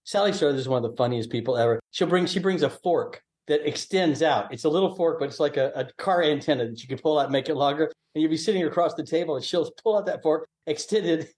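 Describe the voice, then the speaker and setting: An older man from the American South, a guest in a podcast interview, telling animated showbiz stories and laughing often. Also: on the high side, fast talker, few pauses. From Southern US (Mississippi, born in Louisiana). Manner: laughs often, excitable, lively anecdotes. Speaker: guest, actor.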